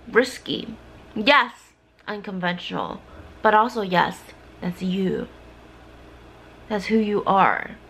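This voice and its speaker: A tipsy young woman vlogging a heartfelt, tearful pep talk to camera, often sinking into soft whispers. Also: medium pitch. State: teary.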